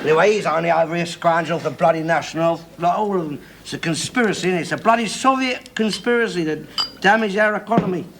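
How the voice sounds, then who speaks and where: An actor playing a loud, bigoted middle-aged working-class man in a 1970s TV sitcom, ranting and swearing constantly. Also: a little high, fast talker, some chatter behind. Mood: lecturing. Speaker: bigoted head of the household. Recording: hissy old TV soundtrack.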